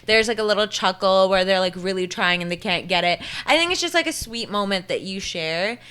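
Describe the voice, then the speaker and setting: A woman's voice: medium pitch, lively intonation, a little fast, pushed and bright, clear, resonant tone. A young woman from Canada co-hosting a podcast, chatting casually and peppering her talk with "like". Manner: chatty, lots of "like" fillers. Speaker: podcast co-host. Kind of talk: casual chat.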